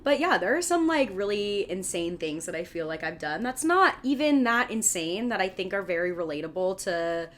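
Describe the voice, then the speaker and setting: A woman's voice: mid-range voice, normal speed, few pauses. Young woman rambling through a funny story. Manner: rambling, animated storytelling with swearing and laughter. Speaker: podcast co-host. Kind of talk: casual chat.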